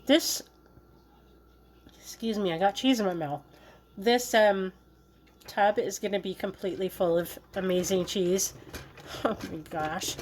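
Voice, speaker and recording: A woman's voice: mid-range voice, a little slow, darkish tone, slight background noise. A woman hosting a cooking video, chatting casually in a playful, joking way while she works in her home kitchen. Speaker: cooking vlogger.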